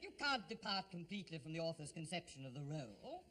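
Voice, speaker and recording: A man's voice: a little high, very animated, fast, bright, forceful tone. A man playing a condescending theatre manager, polite on the surface but cutting. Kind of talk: 1950s radio comedy acting.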